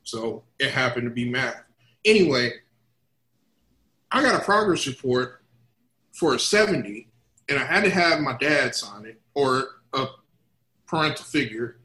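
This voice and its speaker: Podcast co-host, a man with a bright voice telling lively stories in a roomy space. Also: mid-range voice, unhurried, pauses often. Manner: animated storyteller, acts out quotes. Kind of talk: casual chat. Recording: roomy echo.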